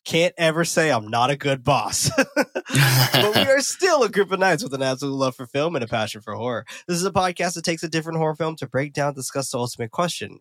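A man's voice: fairly high pitch, fairly quick, no room sound. A man hosting a horror movie podcast, chatting casually and energetically, laughing and swearing freely. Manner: energetic, laughing, loose with profanity. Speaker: podcast host.

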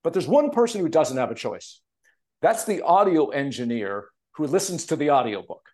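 His voice runs on the high side at normal speed as the Canadian author and TV producer tells emotional stories with animation in a casual podcast interview over a remote call.

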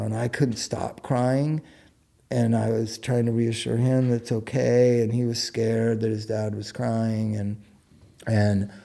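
A man's voice: medium pitch, gravelly, mellow. A middle-aged man talking frankly and earnestly in casual conversation, blunt and sometimes swearing. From United States. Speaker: guest speaking about his own life. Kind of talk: candid conversational talk.

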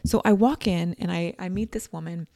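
A woman in her forties telling a personal story in a chatty, animated way, acting out quoted lines. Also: lowish voice, moderate pace, gravelly, no echo. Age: 40s.

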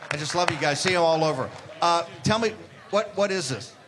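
A man's voice: on the high side, expressive, brisk. A man hosting live interviews on a convention floor, hyping the crowd. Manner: boisterous, hypes the crowd. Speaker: host. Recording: loud crowd and noise.

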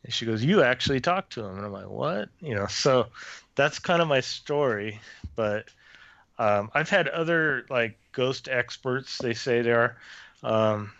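Brief: man, storyteller guest, halting and self-correcting, dry and slightly dull sound. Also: medium pitch, fairly bright tone, no room sound. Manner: hesitant, with many restarts and fillers. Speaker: former theme park custodial worker, guest author. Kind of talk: casual storytelling in a podcast interview.

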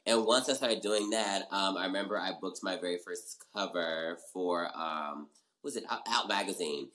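A man's voice: low-pitched, normal speed, pushed and bright, rough recording. A young man as an interview guest, animatedly telling his story and acting out his own past reactions. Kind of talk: casual interview chat.

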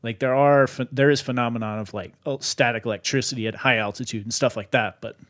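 Male podcast host, conversational storyteller, lively, loose delivery. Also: mid-range voice, quick pace. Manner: animated, lots of "like" fillers. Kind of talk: casual storytelling.

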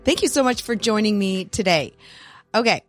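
A woman hosting her own podcast in a casual, animated solo chat, laughing often and swearing freely. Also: mid-range voice, normal speed, faint music behind. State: recovering from recent illness. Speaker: podcast host.

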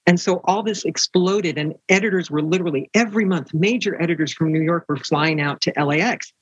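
Older woman telling animated stories. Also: on the low side, brisk, breathy edge, no room sound, highs cut off. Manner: animated, acts out quoted voices. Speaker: romance author guest. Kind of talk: storytelling interview.

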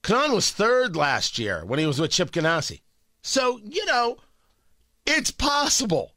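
A male talk radio host with a high, bright voice that leaps around in pitch. He's opinionated, sarcastic and jokey. The studio sound is dry and close. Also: huge pitch swings, unhurried, no room sound.

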